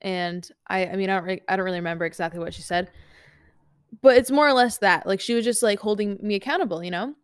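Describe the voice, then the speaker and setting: A young woman talks casually to the camera as a coach sharing her own stories. She is animated and loose, with plenty of fillers, and she often slips into quoting herself. Her voice is smooth and resonant, and it sounds close and dry. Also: mid-range voice, fast talker, no room sound. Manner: chatty, animated, lots of fillers and quoted self-talk. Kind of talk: casual chat vlog.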